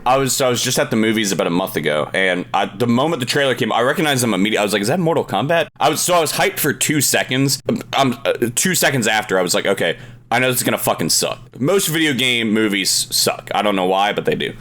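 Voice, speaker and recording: A man's voice: medium pitch, animated, fast, hardly any pauses, a bit bright. A young man co-hosting a podcast over a call, joking and laughing a lot, swearing casually. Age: young adult. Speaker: podcast co-host. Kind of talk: casual chat. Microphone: remote call.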